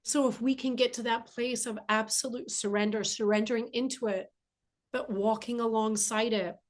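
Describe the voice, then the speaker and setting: A woman's voice: on the high side, fairly even intonation, normal speed. A woman spiritual teacher giving an earnest, emphatic inspirational monologue, often repeating key phrases for weight.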